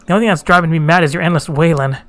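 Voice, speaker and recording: A man's voice: on the high side, racing, a bit bright, natural voice. A man voicing a brash, blunt, scornful Roegadyn warrior woman in a fantasy game.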